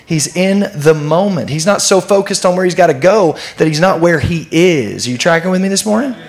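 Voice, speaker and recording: A man preaching a sermon, his voice gravelly and a touch higher than most men's. He talks in a conversational way, stresses key phrases and often turns questions to the listeners. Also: expressive, brisk. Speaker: pastor.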